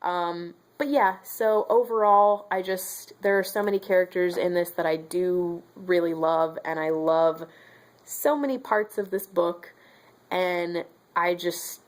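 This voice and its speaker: A young woman giving a casual, opinionated book review, chatty, with lots of fillers and animated retellings of scenes. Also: fairly low pitch, a little slow.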